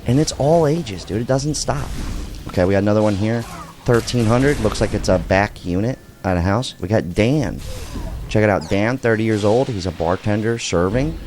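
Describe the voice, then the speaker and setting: A middle-aged man hosting a casual reaction video, talking in an animated, blunt way and swearing freely. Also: lowish voice, moderate pace, music in the background. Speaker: commentary video host.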